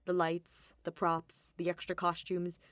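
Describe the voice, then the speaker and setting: A woman reading a story aloud in expressive scripted narration. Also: lowish voice, measured pace, no echo. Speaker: podfic reader.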